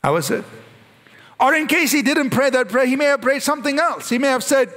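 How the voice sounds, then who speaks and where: A male pastor preaching a sermon in an animated way, slowing down and rising in pitch when he recites prayers. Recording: long hall reverb.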